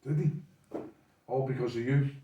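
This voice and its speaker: A man's voice: medium pitch, steady tone, normal speed, distant mic, highs cut off. A man hosting a casual interview, giving short encouraging replies and closing the show. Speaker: podcast host. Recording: echoey room, voice off-mic.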